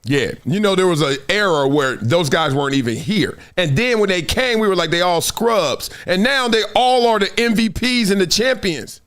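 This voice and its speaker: Lively, animated man hosting sports talk. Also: high voice, moderate pace, hardly any pauses. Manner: animated, emphatic, acts out quotes, laughs often. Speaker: sports podcast host. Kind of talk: animated sports commentary chat.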